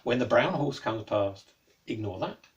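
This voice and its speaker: A man voicing an enchanted young man in a told story, speaking slowly and gravely. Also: medium pitch, expressive, far from the mic, dull audio, voice pushed down, lightly acted.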